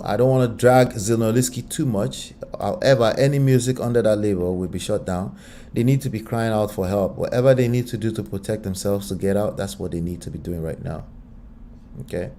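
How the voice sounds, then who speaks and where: A man hosts a reaction commentary in a casual, exasperated tone, sighing out asides between points. His voice is low and mellow, with a faint hiss of noise behind it. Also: moderate pace. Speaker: commentary channel host.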